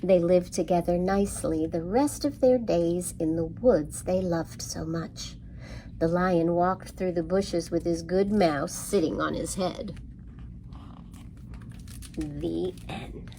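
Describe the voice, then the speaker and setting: A woman reading a picture book aloud to children in an expressive storybook cadence. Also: lowish voice, unhurried, a little hiss or hum.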